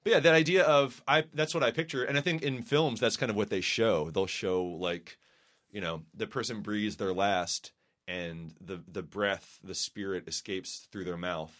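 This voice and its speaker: A man's voice: fairly low pitch, steady tone, moderate pace, a bit bright. A man co-hosting a podcast in casual chat, rambling and thinking aloud with many restarts, in a small room with sound panels. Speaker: podcast co-host.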